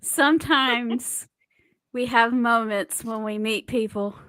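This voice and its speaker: A woman co-hosting a casual chat, chatty and quick to laugh. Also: on the high side, a bit bright, no echo. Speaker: podcast co-host.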